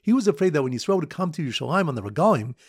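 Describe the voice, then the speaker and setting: A man teaching a daily Talmud lesson, telling repeated memory stories and running a quiz, in a lively storytelling manner. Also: fairly high pitch, rapid-fire, breathy edge, no room sound, studio quality.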